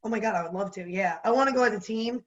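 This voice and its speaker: Young woman, new jersey accent, bubbly and animated, slightly dull audio. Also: medium pitch. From New Jersey, USA. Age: young adult. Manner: bubbly, animated, quick to laugh. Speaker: podcast guest. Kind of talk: casual interview chat.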